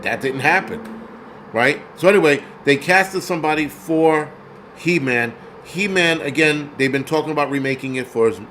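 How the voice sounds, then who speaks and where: A man's voice: mid-range voice, fairly bright tone, a little hiss or hum, low-quality recording. A man hosting casual film commentary who rambles, curses freely and searches for details aloud.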